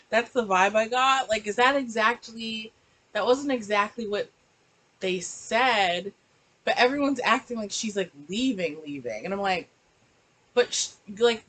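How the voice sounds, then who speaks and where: Recording a casual reaction review on her laptop mic, a book and TV reviewer talks animatedly and slips into mocking voices. Her voice is on the high side and a bit bright, and the recording quality is low.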